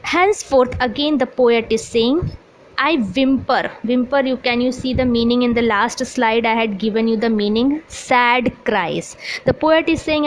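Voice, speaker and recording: Higher-voiced woman teaching a poem. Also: a little slow, slight background noise, low-quality recording. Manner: repetitive, explanatory, paraphrases lines aloud. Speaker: English teacher. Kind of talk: lecture explaining a poem.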